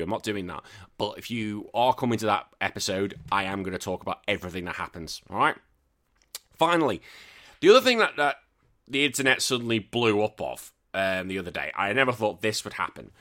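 British guy rambling on his podcast, bright forceful voice, keeps correcting himself. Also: on the low side. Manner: rambling, self-correcting, laughs often. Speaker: podcast host. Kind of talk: casual solo chat.

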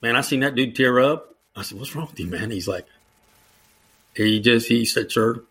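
Bright-voiced retired Army man telling stories. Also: mid-range voice, moderate pace, husky. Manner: lively anecdotes, mimics quoted people in a raised voice; casual, chuckles while telling stories. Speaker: retired Army officer, JROTC instructor. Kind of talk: storytelling in a conversational interview.

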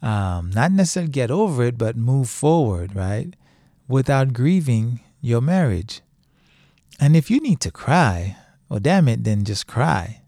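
A middle-aged man talks at an unhurried, deliberate pace, his voice warm and mellow. He speaks casually but firmly, leaning on repeated phrases to drive points home. The sound is dry and close, with no room echo. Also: mid-range voice, very animated. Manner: conversational, emphatic, repeats phrases for stress. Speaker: podcast host speaking on divorce and grief. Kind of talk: casual monologue.

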